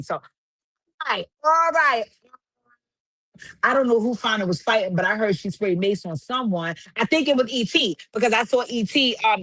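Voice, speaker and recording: A woman's voice: medium pitch, fairly bright tone, no room sound. A woman hosting a livestream, recapping reality TV in casual, profane chat with sing-song refrains. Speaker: livestream host.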